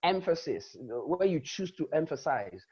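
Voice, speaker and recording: A man teaching a public speaking lesson, demonstrating emphasis and often shifting between loud and soft delivery. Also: on the high side, very animated, moderate pace, slightly rough, lo-fi sound. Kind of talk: lecture.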